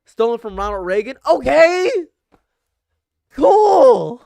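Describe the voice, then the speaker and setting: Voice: mid-range voice, expressive, moderate pace, no echo. A livestream commentator reacting live, ranting emphatically and repeating phrases for effect.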